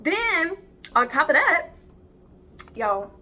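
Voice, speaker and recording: An adult woman with children who calls herself a psychic medium delivers an unscripted rant to camera, heated, profane, rambling and full of restarts. Her high voice has a sharp, sing-song quality, and she draws out her words.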